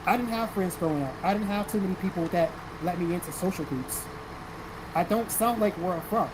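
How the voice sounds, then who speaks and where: A man's voice: high-pitched, fairly quick, background noise. A man from South Carolina hosting a casual livestream, reading viewer comments aloud and answering them bluntly with plenty of swearing. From South Carolina, American South. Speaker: livestream host reading chat.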